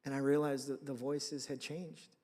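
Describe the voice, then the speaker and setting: A man preaching a sermon, telling a personal story in a lively, conversational way and acting out his own reactions. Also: mid-range voice, moderate pace. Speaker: pastor. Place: church sanctuary. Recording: reverberant hall.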